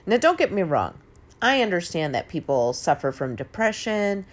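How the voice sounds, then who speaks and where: A woman's voice: on the low side, very animated, normal speed. A woman in her forties giving an emphatic, casual motivational talk, swearing now and then and laughing easily. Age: 40s. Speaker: host. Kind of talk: motivational monologue.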